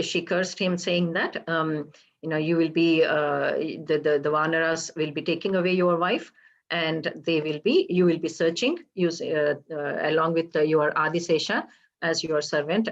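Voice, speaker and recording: A woman with a lowish voice retells an old Hindu legend in a halting, explanatory way, checking in with her listeners as she goes. The recording sounds slightly dull and lo-fi. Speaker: storyteller for a temple program.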